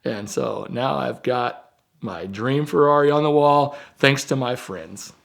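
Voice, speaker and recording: A car dealer telling a story in casual storytelling, rambling with fillers and acting out quoted dialogue with animated jumps. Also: male voice, mid-range voice, a little slow, vocal fry.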